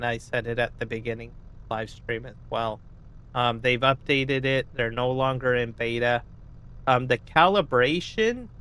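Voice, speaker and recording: A man's voice: mid-range voice, fairly bright tone. Rambling man chatting on a live stream. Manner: rambling, keeps asking "right?", clears throat often. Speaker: gaming streamer. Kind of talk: casual live-stream chat.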